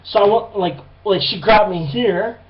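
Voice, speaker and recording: A man's voice: high-pitched, unhurried, lo-fi sound. A young man telling a rambling, profane story in a casual monologue, acting out the people in it. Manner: profane, rambling, animated retelling. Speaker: vlogger.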